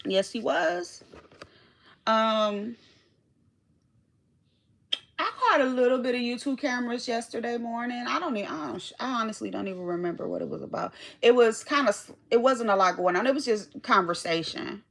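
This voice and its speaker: A woman talking on her own livestream in a high, bright voice. She rambles casually and swears often, calling out viewers by name and losing her thread now and then. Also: moderate pace, creaky. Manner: chatty, rambling, reads chat aloud, swears freely. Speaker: livestream host.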